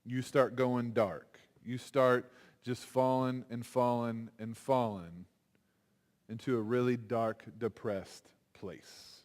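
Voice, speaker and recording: A man giving a chapel sermon in an animated, conversational way, acting out quotes as he goes. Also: medium pitch, slow. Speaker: chapel speaker. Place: university chapel. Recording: long hall reverb.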